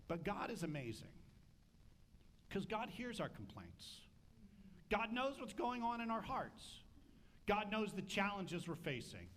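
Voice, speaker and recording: A man preaching a sermon as pastor, animated and humorous, acting out voices. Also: high voice, a little slow, pauses often.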